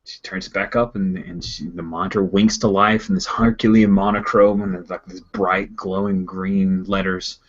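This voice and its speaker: A man's voice: deep voice, moderate pace, few pauses, muffled recording. Laid-back game master man. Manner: relaxed, loose storytelling with restarts. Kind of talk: narrating a tabletop game.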